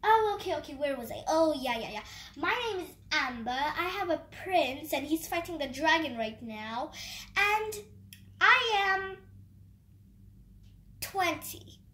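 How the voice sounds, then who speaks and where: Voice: high voice, lively intonation, a little slow, pushed and bright, reverberant, heavily acted. A child voicing a rambling doll lady. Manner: rambling, fumbling for words. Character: flustered married doll lady, thirty.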